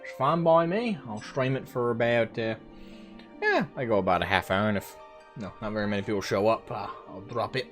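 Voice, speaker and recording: A man's voice: on the low side, expressive, brisk, faint music behind. A man streaming a game live, chatting casually and rambling to his viewers.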